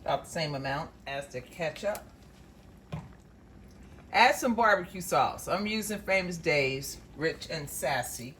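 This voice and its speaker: A woman with a deep voice walks through a recipe step by step in a relaxed, homey way, calling her viewers y'all. Her kitchen carries a faint hum with boiling behind her. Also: unhurried. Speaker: cooking show host. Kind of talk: casual cooking demonstration. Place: home kitchen.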